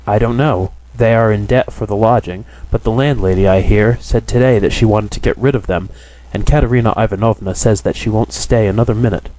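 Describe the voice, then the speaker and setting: A man's voice: on the low side, a little fast, mellow, natural voice, low-quality recording. A man voicing a timid young woman in an audiobook, lifting his voice a little and speaking in a plaintive, pleading way. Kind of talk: audiobook character reading.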